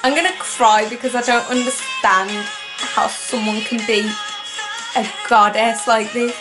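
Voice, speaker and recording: A young woman reacting on her vlog, excitable and rambling, often gasping. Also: on the high side, a little slow. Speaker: music reaction YouTuber. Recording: faint music playing behind. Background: faint music.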